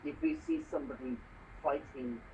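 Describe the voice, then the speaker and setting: A man who lives in Hong Kong tells a story earnestly in casual conversation, often adding "you know." His voice is on the high side, creaky and darkish, with huge pitch swings and normal speed. The recording sounds distant and muffled, with faint background noise.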